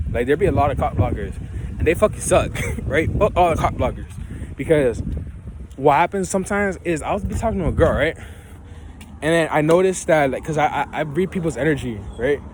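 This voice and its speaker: A man's voice: on the high side, expressive, a little fast, noisy background. Young man rambling casually outdoors. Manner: profane, ends phrases with "right?"; loose, laughing, preachy about self-belief. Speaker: vlogger.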